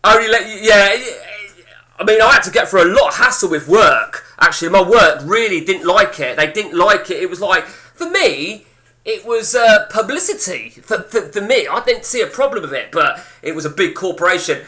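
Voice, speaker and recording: A man's voice: high-pitched, expressive, normal speed, pushed and bright. A man, telling a rambling, sweary story to his chat as a game streamer.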